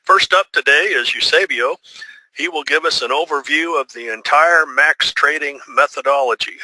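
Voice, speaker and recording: Man, webinar host, polished polite delivery, bright voice, dry sound. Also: mid-range voice, no room sound, rough recording. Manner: smooth, polite, well-rehearsed. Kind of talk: scripted announcement.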